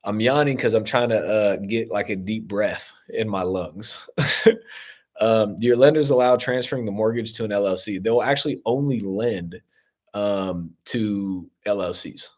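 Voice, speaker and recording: A man's voice: lowish voice, measured pace, darkish tone. A man coaching on real estate investing as he answers viewer comments in a casual live-stream Q&A, talking loosely with many fillers and an upbeat tone toward his viewers. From Ohio.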